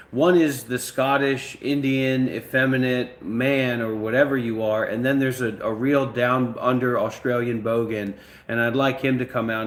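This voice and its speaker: Male host, casual talk, demanding and profane, mid pitch, echoey room recording. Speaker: channel host.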